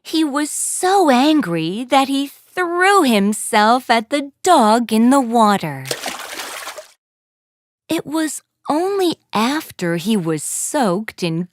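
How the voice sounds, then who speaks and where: A woman narrating a children's story in a gentle, expressive way. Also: high voice, a little hiss or hum. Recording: faint background music.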